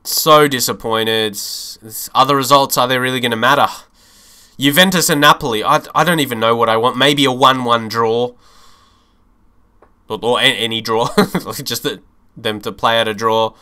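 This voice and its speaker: A young man streaming a football management game, commenting live with animated, frustrated swings and frequent swearing. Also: mid-range voice, moderate pace, clear, resonant tone.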